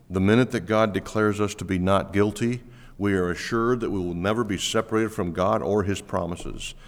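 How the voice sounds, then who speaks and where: A man preaches in a church sanctuary in a deliberate, unhurried sermon style. His voice sits low, and it climbs to emphatic high appeals before dropping to near-murmured asides. A long hall reverb trails every phrase. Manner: emphatic preaching, swinging between loud rising appeals and quiet low asides. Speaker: pastor.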